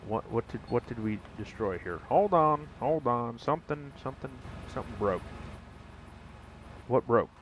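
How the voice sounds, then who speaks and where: A man's voice: medium pitch, lively intonation, moderate pace, slight background noise, poor audio. A young man giving casual gameplay commentary, chatting with viewers in a rambling, self-correcting way with mild exclamations. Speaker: gaming streamer.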